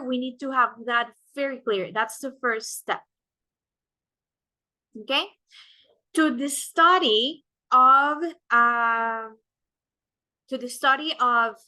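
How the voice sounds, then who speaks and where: A woman's voice: fairly high pitch, pushed and bright, no echo, low-quality recording. A young adult woman teacher giving a recorded class lesson, explaining step by step and checking in with "right?" between points.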